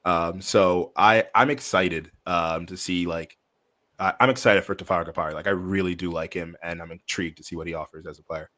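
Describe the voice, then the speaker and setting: Podcast co-host, male, deep voice, loose rambling delivery full of fillers. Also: steady tone, fairly quick, bright, forceful tone. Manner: rambling, lots of likes and ums. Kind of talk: casual sports podcast chat.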